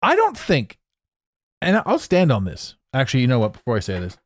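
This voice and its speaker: A man's voice: medium pitch, huge pitch swings, a little fast, dry recording, studio quality. A man hosting a solo podcast, rambling through tangents with frequent swearing, sarcasm and laughter. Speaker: podcast host.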